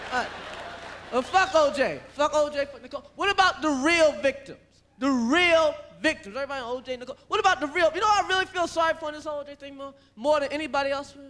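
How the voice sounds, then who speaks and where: A man's voice: very high voice, bright, forceful tone, slight background noise. A man doing stand-up comedy on a theater stage, brash, profane and emphatic. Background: audience laughter.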